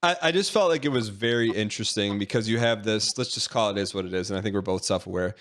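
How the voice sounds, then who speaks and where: Low-voiced man hosting a podcast. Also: fast, fairly bright tone. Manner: conversational, asks probing questions. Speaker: podcast host. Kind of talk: casual podcast conversation.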